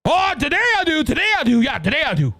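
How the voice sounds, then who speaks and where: Man doing an old president impression, mocking, folksy, evasive, high pitched, exaggerated. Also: huge pitch swings, fast, pushed and bright, no room sound, full character voice. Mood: smug. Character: mocked elderly male president, folksy and evasive.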